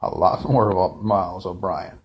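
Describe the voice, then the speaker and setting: A man's voice: low-pitched, fairly even intonation, unhurried. A man giving a casual, unscripted fan review, rambling off the cuff with frequent asides and restarts.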